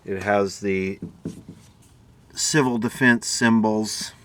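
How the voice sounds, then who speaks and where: A man's voice: on the low side, fairly even intonation, slow, fairly bright tone, a little hiss or hum. A middle-aged man casually narrating as he inspects old equipment in a workshop, thinking aloud with mumbled asides. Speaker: repair video host.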